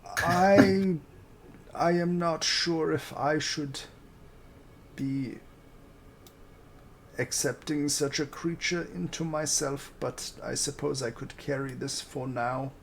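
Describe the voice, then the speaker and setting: A man's voice: on the high side, slow pace, vocal fry, long pauses, a little hiss or hum, pitched above the performer's own voice, poor audio. A man voicing a hesitant male party companion in a tabletop game. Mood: wary.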